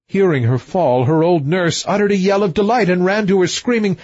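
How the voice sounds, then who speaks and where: A man reading a fairy tale aloud as an audiobook, expressive, swinging between high and low. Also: fairly quick, few pauses, no echo. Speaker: audiobook reader. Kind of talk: scripted storybook narration. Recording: dull dry lo-fi recording.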